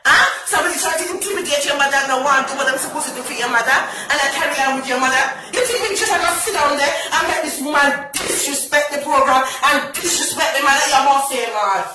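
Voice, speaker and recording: A high-pitched woman with a Jamaican accent rants in a comic phone-call monologue, loud and indignant, slipping between patois and New York street talk. She sounds set back from the mic in an echoey room, with clear noise behind her. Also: fast, few pauses, recorded from a distance. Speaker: comedy sketch performer.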